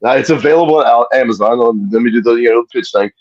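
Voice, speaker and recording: A man's voice: medium pitch, fast, no echo. A man, a podcast guest telling stories in casual chat over a call. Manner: laid-back storyteller. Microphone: earpiece on video call. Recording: dull lo-fi sound.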